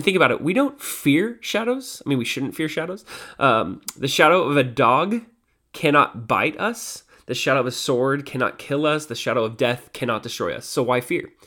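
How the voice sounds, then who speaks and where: A man's voice: medium pitch, fairly bright tone. Man giving casual Bible teaching. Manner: casual, with fillers and self-corrections. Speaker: devotional podcast host.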